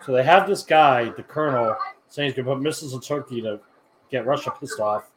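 A man's voice: medium pitch, fairly quick, noisy background. A man co-hosting a podcast, giving a crude, joking running commentary while watching a film. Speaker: podcast co-host. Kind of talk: casual movie watch-along chat.

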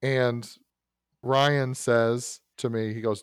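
A man's voice: mid-range voice, normal speed, dry recording, studio quality. A man telling a long personal anecdote in casual chat, rambling with asides and restarts. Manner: rambling, self-correcting anecdote with frequent asides. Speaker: podcast host telling a story. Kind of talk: casual storytelling.

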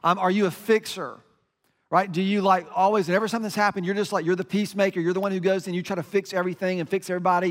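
Man, pastor, casual sermon, self-deprecating, fillers, long church reverb. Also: sits high. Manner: conversational, self-deprecating storytelling with frequent fillers.

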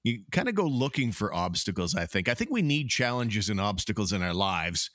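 A man hosting a casual sports podcast, talking in a measured, reflective way. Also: on the low side, very animated, a bit bright, dry recording, clean studio sound. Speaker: podcast host.

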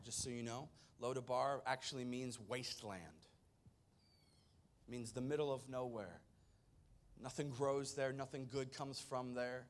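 A male pastor retelling a scripture story as a sermon, dramatic, swinging between loud stretches and hushed ones. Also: medium pitch, steady tone, measured pace.

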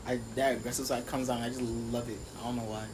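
A man's voice: medium pitch, little pitch movement, a little fast. A young man co-hosting a podcast, chatting casually in a laid-back, teasing way. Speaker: podcast co-host. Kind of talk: casual chat. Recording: background noise.

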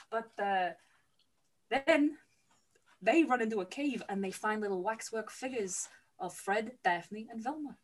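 A woman's voice: a little high, measured pace, long pauses. Giggly woman recapping a movie. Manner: chatty, laughs often, swears casually. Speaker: podcast host.

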